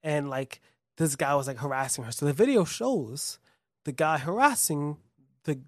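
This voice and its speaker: A man's voice: on the high side, animated, moderate pace, no echo, clean studio sound. A young man in casual chat, rambling and swearing with many restarts while he tells a story. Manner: rambling and profane, many restarts, acts out quotes.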